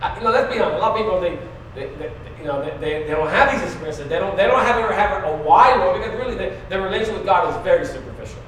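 A man preaching a conversational sermon, going from quiet to loud, asking the congregation questions and laughing often. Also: sits high, expressive, quick pace, a little hiss or hum. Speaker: pastor. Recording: very echoey room, mic at a distance.

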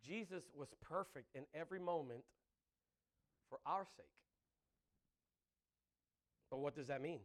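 A man preaching a sermon, animated and laughing between phrases, often asking the congregation "Amen?". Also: fairly high pitch, unhurried, long pauses. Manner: breaks into laughter mid-sentence.

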